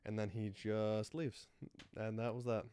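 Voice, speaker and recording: A man's voice: fairly low pitch, little pitch movement, a little slow, dark tone, clear, resonant tone. A young man co-hosting a podcast in casual chat, rambling with lots of fillers and frequent laughs. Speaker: podcast co-host.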